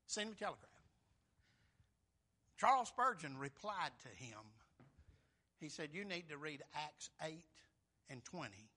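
A preacher man delivers his sermon with a very bright, ringing voice pitched fairly high for a man. His delivery is folksy and emphatic, climbing into loud, shouted peaks. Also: big pitch swings, a little slow, long pauses.

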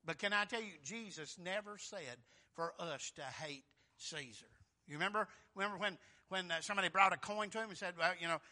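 Bright, forceful preacher man. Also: high-pitched, a little fast. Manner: folksy, emphatic, swings between loud and soft. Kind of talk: sermon.

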